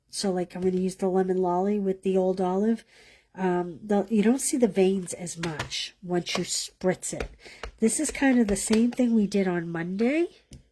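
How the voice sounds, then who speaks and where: A woman's voice: mid-range voice, mellow. A woman leading a live card-making class, chatting as she demonstrates and thinking aloud, sometimes dropping to a whisper as she works.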